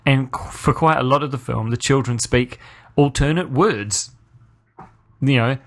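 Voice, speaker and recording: Exasperated man ranting, voice leaping high. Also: measured pace. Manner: exasperated ranting, pitch leaping up when incredulous; sarcastic, with frequent restarts. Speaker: podcast host. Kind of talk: casual spoken film review.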